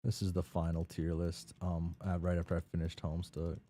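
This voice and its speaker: A man's voice: sits low, monotone, brisk, warm tone. A man streaming a game, talking casually and rambling as he recaps what he played. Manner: rambling, many fillers and restarts.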